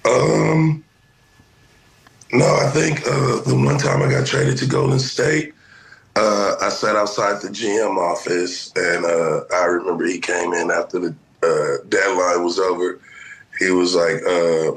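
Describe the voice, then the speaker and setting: Hoarse, gravelly man, loose and joking. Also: low-pitched, animated, a little slow, rough recording. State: hoarse, lost voice; just woke up. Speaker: guest, former player. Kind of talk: casual interview.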